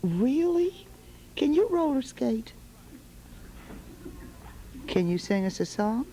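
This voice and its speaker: Woman TV host, studio, sing-song coaxing of children, very animated pitch, faint background noise. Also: takes it slowly, rough recording. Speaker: television host. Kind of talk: chatting with small children on a holiday broadcast.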